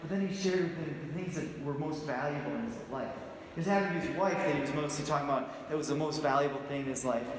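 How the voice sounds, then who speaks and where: A man's voice: a little high, fast talker, slight background noise. A man preaching a conversational sermon as pastor, telling stories with jokes and asking his congregation questions. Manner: joking, storytelling, asks the congregation questions. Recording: echoey church hall with long reverb.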